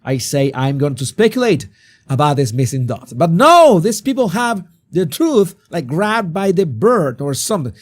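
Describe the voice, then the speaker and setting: A hoarse man, hosting a live-stream commentary and talking animatedly with rhetorical questions. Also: a little high, big pitch swings, normal speed. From Venezuela. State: hoarse, sore throat. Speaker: host.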